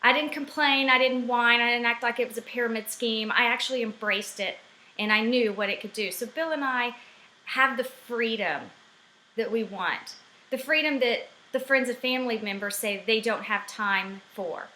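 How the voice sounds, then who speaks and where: Middle-aged woman, animated ranting vlogger, slightly high and bright, recorded in a roomy home office. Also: normal speed, slight background noise. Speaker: network marketing vlogger. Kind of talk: casual vlog rant.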